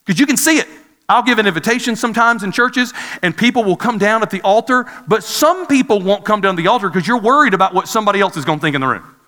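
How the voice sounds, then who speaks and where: A man's voice: high voice, animated, fast, pushed and bright. A man in his forties preaching a sermon, telling a personal story in a conversational way and asking his listeners questions. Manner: conversational, asks the audience questions. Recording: reverberant hall.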